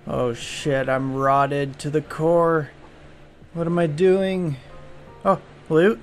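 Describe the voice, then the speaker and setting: A man's voice: a little high, fairly even intonation, slow, soft background music. A man giving comedic gameplay commentary, jumpy and self-mocking, yelping and groaning whenever danger shows up. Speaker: gaming video creator.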